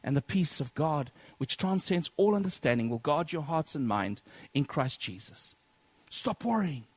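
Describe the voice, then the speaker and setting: Husky preacher man, dynamic delivery. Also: on the high side, very animated, normal speed, no echo. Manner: dynamic, swings between loud declaiming and soft near-whispers; addresses congregation as brethren. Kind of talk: sermon.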